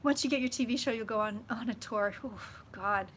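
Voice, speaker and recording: A woman chatting casually with her viewers on a live stream, swearing freely and swinging loud and soft as she talks. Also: fairly high pitch, a little fast. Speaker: psychic vlogger hosting a live stream.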